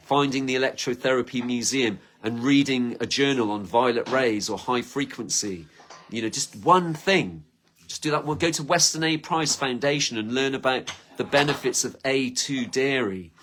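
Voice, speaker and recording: A man talks straight to his viewers in a loose, rambling monologue. He jumps from one idea to the next with eager enthusiasm. His pitch sits in an ordinary middle range, and he often slips into little acted-out conversations. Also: a bit bright. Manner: rambling and enthusiastic, acts out imagined quotes. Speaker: channel host.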